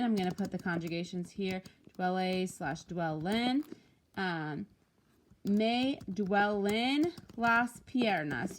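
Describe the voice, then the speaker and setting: A woman Spanish teacher walking through homework answers, explaining patiently and slowing down to pronounce each Spanish example. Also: mid-range voice. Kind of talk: recorded homework walkthrough.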